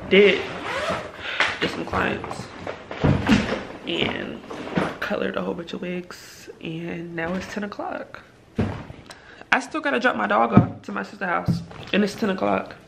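A vlogger and hairstylist vents in a casual vlog about feeling exhausted before a trip, sounding tired and exasperated. Her voice is on the low side with vocal fry, a steady tone and normal speed, captured in a noisy phone recording first in a car and then at home.

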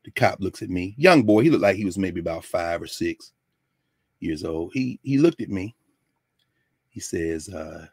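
An older man from Tennessee telling a personal story in a lesson, animated and acting out the people he quotes. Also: deep voice, unhurried, husky, dry recording, clean studio sound. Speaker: lecturer.

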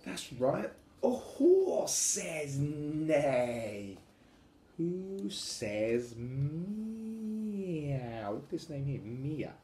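Dad reading a picture book slowly. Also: male voice, fairly high pitch, very animated, mellow, echoey room, slight background noise. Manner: sing-song, imitating animal noises. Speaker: father reading to his children. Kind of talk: reading a picture book aloud to young children.

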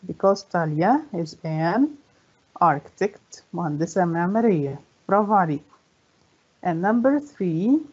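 A woman English teacher with an Egyptian accent, a native Egyptian Arabic speaker, explaining a lesson in Arabic and reading the English questions slowly. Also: mid-range voice, a little mellow, breathy edge. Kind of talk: bilingual classroom explanation. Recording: dull lo-fi recording.

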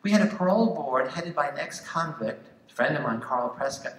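A man's voice: a little high, brisk. Older man telling a story in an echoey hall. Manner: animated storyteller acting out quoted voices. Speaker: guest speaker. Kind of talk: storytelling to students in Q&A. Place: large theatre hall.

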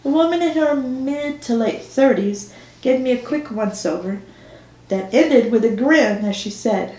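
A woman's voice: fairly high pitch, lively intonation, a little slow, dark tone. A woman author reading her own novel aloud in first person, with dry storytelling. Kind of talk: audiobook narration. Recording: roomy echo.

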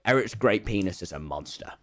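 A young man, bantering loudly and jokily on a live game stream. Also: fairly low pitch, lively intonation, brisk, no room sound. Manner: loud, brash, jokey banter. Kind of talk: casual gaming chat on a live stream.

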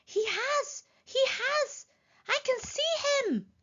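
A woman voicing excited small elephant companions with squeaky, eager exclamations. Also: slow, muffled recording, full character voice.

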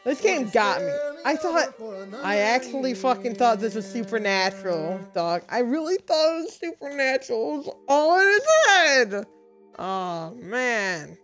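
A young woman with a slightly high, sing-song voice talks at an unhurried pace with a bit of brightness. She's a gaming video creator commentating on gameplay, exasperated and swearing at the screen. Her voice sits over game audio with music playing in the background.

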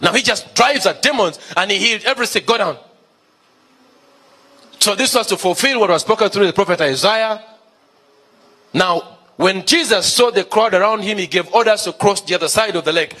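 Pastor, male, high husky voice, emphatic sermon delivery with lots of repetition and questions. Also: moderate pace, pauses often, sharp tone. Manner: emphatic, repeats key phrases, asks the congregation questions.

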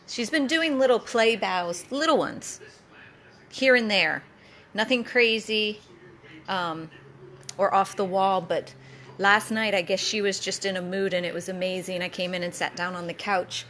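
A woman from a dog rescue, giving a casual video update in a soft, loose, chatty way, recorded indoors on a handheld camera. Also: mid-range voice.

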